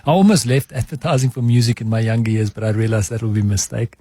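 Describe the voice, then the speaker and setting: A middle-aged advertising executive speaking candidly and emotionally as a radio guest in a studio. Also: male voice, on the low side, fast talker, dark tone, no room sound. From South Africa. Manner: candid, emotional, self-searching. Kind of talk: reflective interview talk. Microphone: studio mic with headphones.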